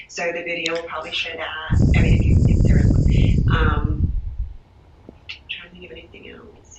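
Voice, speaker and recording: Distressed woman on a distant, echoey recording. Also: low voice. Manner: halting, restarting, distressed retelling. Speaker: interviewee giving a police statement. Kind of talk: recorded police interview. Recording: distant, echoey, lo-fi room recording with loud hiss.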